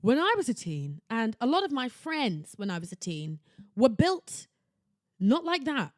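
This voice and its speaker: A young woman hosting a podcast, talking in a theatrical, exclamatory way that jumps between loud outbursts and hushed asides. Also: on the high side, sing-song, measured pace, no echo, studio quality. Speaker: podcast host. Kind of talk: casual chatty monologue. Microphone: laptop recording setup.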